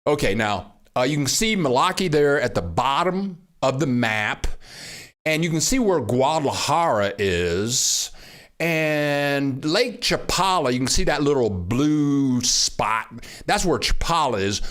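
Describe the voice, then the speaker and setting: An older man hosting a casual livestream from Mexico, greeting viewers by name and getting excited over their messages. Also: medium pitch, a little slow. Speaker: livestream host. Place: home in Mexico.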